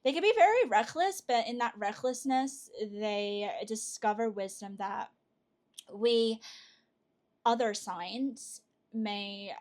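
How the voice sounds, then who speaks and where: A woman giving a pick-a-card tarot reading to her viewers, chatty and excitable, with frequent fillers and restarts. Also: fairly high pitch, slow. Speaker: tarot reader.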